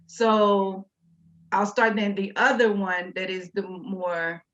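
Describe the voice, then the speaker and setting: A woman's voice: mid-range voice, flat delivery, slow, a bit bright. Candid woman poet on a dull line. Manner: candid, chatty, laughing. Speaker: guest poet. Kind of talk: casual interview talk. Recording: dull, lo-fi sound.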